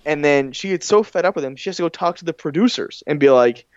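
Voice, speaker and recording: A man's voice: a little high, lively intonation, quick pace, clear, resonant tone, no room sound. A man co-hosts a casual podcast, often restarting his sentences, and swears and laughs as he talks. The recording is dry and a little dull and lo-fi. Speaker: podcast co-host. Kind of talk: casual chat recapping a reality dating show.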